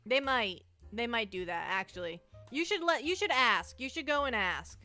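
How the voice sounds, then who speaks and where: A woman's voice: a little high, sing-song, moderate pace, few pauses, pushed and bright, soft background music. A nervous woman streamer chatting casually, rambling and restarting her sentences, anxious and shaky. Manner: nervous, rambling, self-interrupting. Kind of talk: casual live-stream chat.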